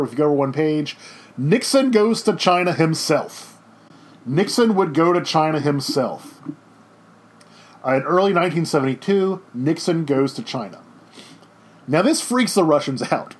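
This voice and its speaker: A man teaching a history lesson over slides in a casual, joking way, with chatty off-the-cuff asides. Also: fairly high pitch.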